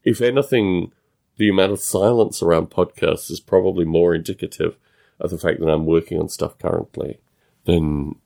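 Male podcast host with a non-American English accent, solo monologue, low and gravelly, thinks aloud with restarts. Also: fairly even intonation, mellow. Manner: musing, halting, with frequent restarts.

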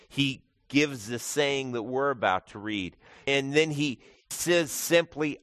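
A man's voice: medium pitch, unhurried, a bit bright, no room sound. A male pastor giving a conversational sermon, explaining scripture with casual asides. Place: church.

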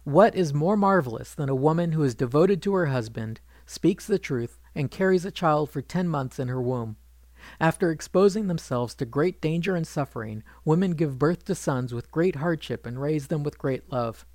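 A man reading a retold legend aloud in an even, measured narration, quoting the characters without putting on voices. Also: fairly high pitch, dry recording. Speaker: storyteller.

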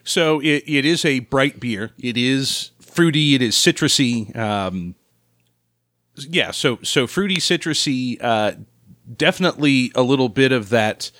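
A man co-hosting a casual beer tasting podcast, correcting the others in a dry, deadpan way. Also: medium pitch, measured pace, no echo. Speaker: podcast co-host.

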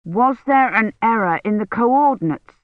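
A woman's voice: on the high side, expressive, moderate pace, no echo, voice pushed up, natural voice. A woman voicing an anxious older male academic pressing urgent questions. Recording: dull lo-fi recording.

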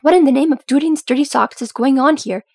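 A woman's voice: mid-range voice, fast, gravelly, no echo, studio quality. A woman reading a storybook, voicing a fussy, grumpy male dwarf quartermaster who screeches his orders. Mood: screeching. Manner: screeching, bossy, irritable.

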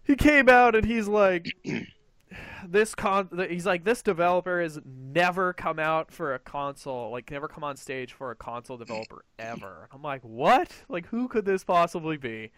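A man hosting a casual gaming podcast, excitable and swearing freely as he acts out what others said. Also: a little high, normal speed, dry recording. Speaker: podcast host.

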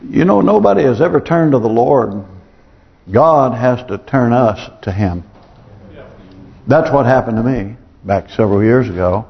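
The recording is dull-sounding with long hall reverb, capturing a man preaching in a church sanctuary. This pastor's medium-pitched voice is creaky, with lively intonation at a normal speed. Earnest and pleading, he repeats phrases for emphasis throughout the sermon.

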